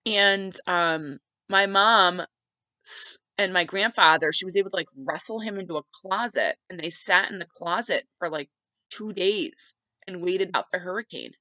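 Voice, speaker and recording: A woman narrates her own family story in a bright, forward voice, close to the mic with no room sound. Her delivery is conversational and heartfelt, full of casual fillers. She speaks as the host of her own podcast. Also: fairly low pitch, moderate pace, no room sound, poor audio. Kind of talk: personal storytelling monologue.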